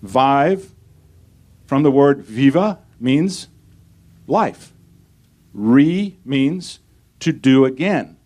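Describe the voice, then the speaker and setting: A man's voice: mid-range voice, lively intonation, drawn-out words, long pauses, a little mellow. A male pastor preaching a sermon, reading scripture aloud and putting rhetorical questions to his congregation.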